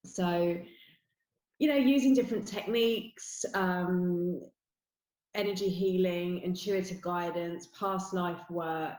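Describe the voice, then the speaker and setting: A middle-aged woman with a London accent explains her work in an earnest, steady way, often adding "you know." Her voice sits on the low side. The recording has a roomy echo around it. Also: takes it slowly. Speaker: guest, spiritual teacher. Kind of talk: interview explanation.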